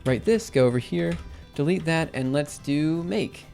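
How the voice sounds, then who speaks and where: A young man talks through his code on a live stream, full of ums and quick self-corrections. His voice sits a little high and sounds a bit worn, as if he is losing it. Faint music plays under the clatter of keyboard typing. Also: gravelly, darkish tone. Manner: thinks aloud with many fillers and self-corrections. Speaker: livestreaming programmer. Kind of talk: casual live coding commentary.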